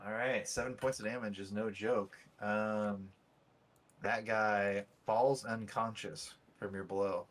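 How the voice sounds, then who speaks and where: Low-voiced man running a tabletop game. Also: steady tone, takes it slowly. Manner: patiently explains rules, many fillers. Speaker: game master. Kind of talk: casual tabletop game narration.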